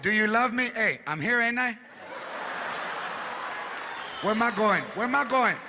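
Drunk blustering boyfriend, put on by a man, high gravelly voice, noisy live crowd. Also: animated, a little slow. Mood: defensive.

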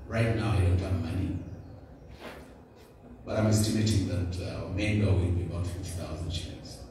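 A low-voiced man with a Kenyan accent speaks to a congregation, urging them on and drawing responses from them. He is recorded from a distance in a very echoey church, with steady background noise. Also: moderate pace. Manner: exhorting, call-and-response with the congregation. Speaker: church speaker, not a preacher. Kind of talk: church testimony and exhortation. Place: church building.

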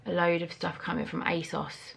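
A woman's voice: lowish voice, little pitch movement, normal speed, vocal fry, breathy edge. A young woman and mum chatting frankly in a home vlog, casual, sometimes swearing and a little out of breath. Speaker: vlogger and mum. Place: family house indoors.

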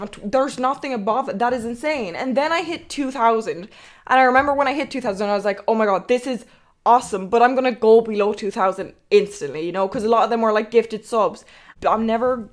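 A young woman with an Irish accent talks to her stream in a loose, rambling way. Her voice sits a little high and she swears freely as she tells her stories. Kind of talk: casual stream chat.

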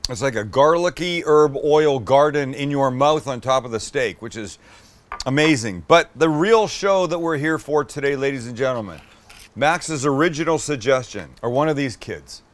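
A middle-aged man hosts a casual cooking demo, talking to the camera while eating, enthusiastically swearing as he tastes his food. His mid-range voice is expressive and moderately paced.

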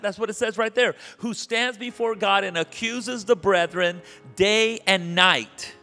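A man's voice: high voice, measured pace, sharp tone, faint music behind. A male pastor preaching with energy, leading the congregation in call and response and reading scripture. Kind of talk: sermon. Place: church sanctuary. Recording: live church recording with long reverb.

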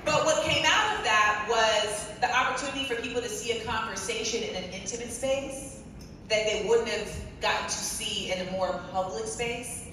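Sharp, emphatic woman on a hall stage. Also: on the high side, moderate pace. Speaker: co-host on stage. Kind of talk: storytelling stage conversation. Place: large conference hall stage. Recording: echoey hall, far from mic, crowd noise.

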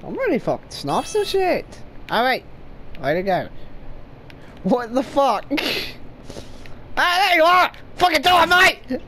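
A woman narrating gameplay in a loud, swearing, laughing manner. Her voice sits high and swings widely in pitch, while her pace stays unhurried. A faint noise runs under the recording. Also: sing-song. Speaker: gaming video creator. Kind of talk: profane gameplay commentary.

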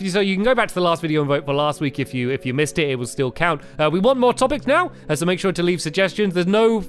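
A man co-hosting a casual building-game video, teasing his partner and laughing often. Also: fairly high pitch. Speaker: co-host. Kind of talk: casual let's-play chat.

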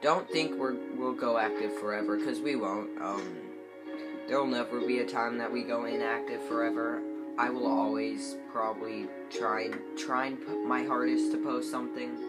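A man who is sick, giving rambling, hesitant gameplay commentary into a phone mic. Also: medium pitch. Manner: rambling, hesitant, many fillers. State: sick, congested voice. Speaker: gameplay channel host. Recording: guitar music playing behind. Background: guitar music.

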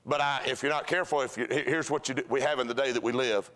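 A man's voice: mid-range voice, steady tone, quick pace, hardly any pauses, fairly bright tone. A man preaching a sermon in a church, folksy and storytelling, with repeated rhythmic phrases. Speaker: pastor. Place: church sanctuary.

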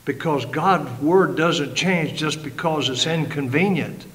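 A man's voice: on the high side, slow, fairly bright tone, poor audio. Older man preaching with fervor. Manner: emphatic storyteller who acts out quoted voices. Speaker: guest speaker and ordained minister. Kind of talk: impassioned preaching to a live audience.

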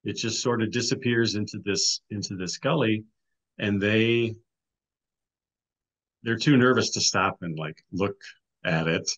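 A middle-aged author and filmmaker, guesting on an interview podcast, tells a story casually with plenty of restarts and "you know"s. His lowish, slightly bright voice keeps a measured pace with long pauses, and the recording is rough.

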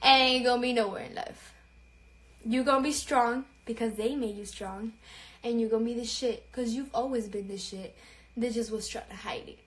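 This woman's voice is fairly high with a steady tone and normal speed, recorded in an echoey room. A young social media personality, she's telling a story on a phone livestream, laughing, short of breath, cursing openly, and code-switching into Spanish.

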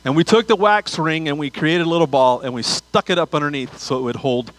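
A man's voice: a little high, a little fast, fairly bright tone, rough recording. A man preaching a sermon as pastor, telling a funny story with asides before turning to scripture.

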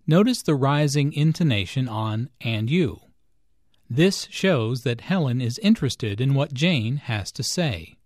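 Male teacher narrator; unhurried, deliberate scripted lesson read in a mid-range voice. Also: medium pitch, animated, a little mellow, no echo, clean studio sound. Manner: slow, deliberate explaining. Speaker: English teacher.

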